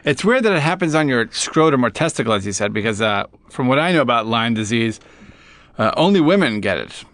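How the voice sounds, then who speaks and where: A man co-hosting a podcast, teasing the others with deadpan remarks in casual chat. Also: mid-range voice, fairly quick.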